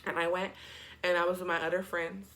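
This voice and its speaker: A man's voice: high-pitched, flat delivery, brisk, pushed and bright. A young man telling a storytime vlog in a chatty, slangy, dramatic way. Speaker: vlogger. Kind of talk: casual storytime.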